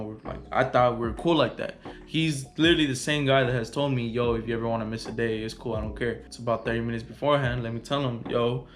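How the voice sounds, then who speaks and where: A man's voice: mid-range voice, fairly bright tone. A young man vlogging a heated, profane storytime rant in casual slang.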